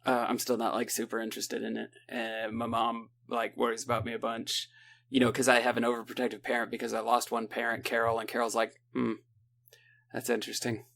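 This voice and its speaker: A man's voice: medium pitch, completely flat delivery, gravelly, a bit bright. Man, casual podcast recap, rambling, sarcastic. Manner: rambling, sarcastic, acts out characters in quick asides. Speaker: podcast co-host.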